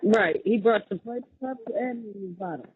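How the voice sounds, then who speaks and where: A woman talking to her husband on a call from jail, with flat, low-key replies. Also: unhurried, husky. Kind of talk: casual phone chat. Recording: tinny phone line with voices behind.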